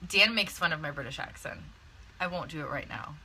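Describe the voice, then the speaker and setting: She has a deep, expressive voice, pushed and bright and a little fast, as she hosts a casual live video as a network marketing coach. The young woman chats, laughs a lot, and fills her speech with fillers and restarts, while the phone or webcam audio is poor with a little hiss or hum.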